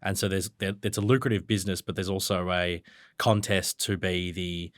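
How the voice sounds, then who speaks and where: Deep-voiced Australian journalist. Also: male voice, steady tone, normal speed, dry recording, studio quality. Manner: fluent, detailed, occasional ums and restarts. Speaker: journalist guest. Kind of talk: conversational news discussion.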